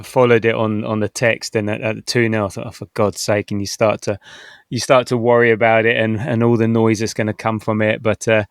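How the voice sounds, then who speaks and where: A man's voice: lowish voice, creaky, clear, resonant tone, no room sound, clean studio sound. A middle-aged man hosting a casual football podcast, chatty and rambling, with frequent restarts and small laughs. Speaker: podcast host.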